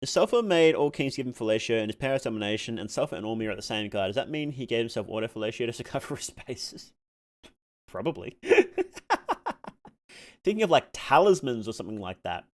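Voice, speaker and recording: During a live game stream, a man with an expressive, mid-range voice speaks briskly, cursing at setbacks and loudly reacting to in-game deaths. He rambles through viewers' chat questions, packed with fillers.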